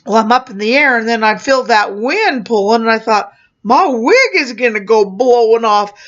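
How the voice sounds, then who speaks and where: A middle-aged woman telling a personal story as a clown, animated, acting out the other people in it. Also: fairly high pitch, normal speed, heavy background noise. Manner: animated, voices others in the tale. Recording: dull lo-fi recording.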